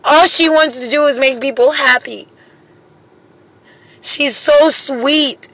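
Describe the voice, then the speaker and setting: Woman, single mother, high bright voice, impassioned, profane, dry close recording. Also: no room sound, poor audio. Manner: impassioned, pleading, profane, slow deliberate emphasis. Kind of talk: emotional monologue to camera.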